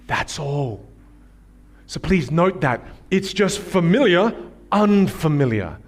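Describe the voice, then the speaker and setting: A man's voice: on the high side, very animated, a little slow. A man coaching a live workshop audience from a theater stage, speaking emphatically and repeating key phrases.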